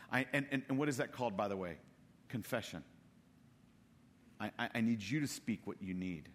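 A man's voice: on the low side, moderate pace, long pauses, in a large hall, slight background noise. A man from Texas preaching a casual sermon, telling stories and acting out the characters in funny voices. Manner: animated storytelling, acts out characters with voices.

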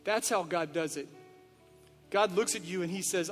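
High-voiced man preaching in an echoing hall. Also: moderate pace, long pauses. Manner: earnest, direct address with rhetorical questions. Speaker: pastor. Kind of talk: sermon. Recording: reverberant hall with faint music.

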